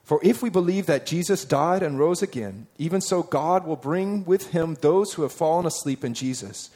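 A man delivers a sermon in a fairly high voice, talking to his listeners as if in conversation. He keeps asking them questions and reads scripture passages aloud with emphasis. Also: animated, moderate pace, a little mellow. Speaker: preacher.

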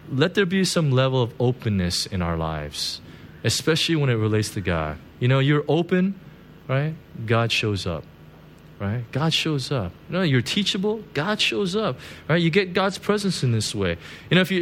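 A man's voice: mid-range voice, a little hiss or hum. A man preaching a conversational sermon as a pastor. He tells stories, laughs at his own jokes and keeps checking in with "right?" and "you know". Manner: chatty, constant "right?" and "you know" asides.

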